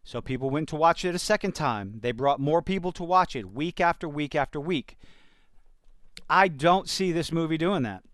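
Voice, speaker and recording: Cajun man, reaction commentary host, sarcastic and fed up, smooth clear tone. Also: on the high side, animated, normal speed, a bit bright, dry recording, studio quality. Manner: sarcastic, exasperated, with sighs and swearing. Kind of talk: reaction commentary reading an article aloud.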